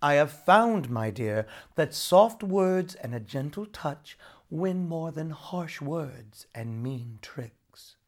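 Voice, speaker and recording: A storyteller voicing a gentle, patient husband who speaks softly and slowly, in a storybook read-aloud. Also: medium pitch, lively intonation. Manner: soft, slow and kindly, sometimes pleading.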